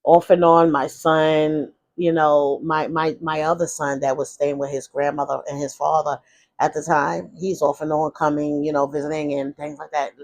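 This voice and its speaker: Speaking with a low, slightly mellow voice in a level tone at a moderate pace, a woman vlogger confides her life story. It's frank and loose, full of restarts and side remarks.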